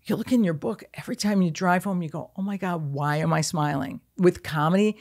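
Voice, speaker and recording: A woman in her sixties with a low voice chats as a podcast guest. She talks bluntly and swears freely, acting out her stories with lots of energy. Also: fairly quick. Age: 60s. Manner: blunt, profane, animated storytelling. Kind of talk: casual chat.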